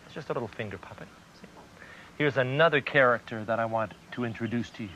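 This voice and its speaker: A man hosting a children's TV show, telling a story to children in a gentle, animated storyteller's way. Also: medium pitch, fast talker, a little hiss or hum. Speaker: children's TV host. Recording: dull lo-fi 1990s TV recording.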